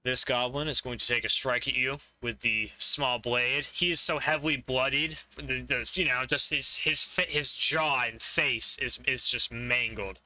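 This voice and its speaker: A man's voice: medium pitch, steady tone, measured pace, few pauses, pushed and bright. A man narrating a tabletop game as game master, describing the fight vividly and laughing often.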